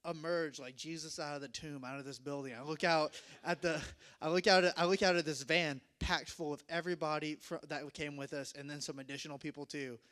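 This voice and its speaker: A young man telling a self-mocking story to an audience, animated and laughing often. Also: fairly high pitch, fairly quick, hardly any pauses, clean tone.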